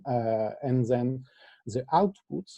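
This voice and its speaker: A man presenting an academic lecture over a video call, halting often with filler sounds. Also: medium pitch, expressive, mellow, no echo, highs cut off. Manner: hesitant, frequent filler sounds. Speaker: conference presenter.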